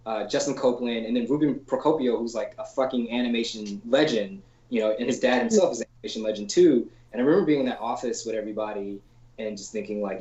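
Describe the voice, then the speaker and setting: A man, a storyboard artist, chats as a podcast guest in a loose, slangy voice, peppering his talk with "like" and casual swearing. He slips into animated voices when he quotes people. The call audio is roomy and a bit dull and lo-fi. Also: mid-range voice, fast talker. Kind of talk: casual anecdotal storytelling in an interview.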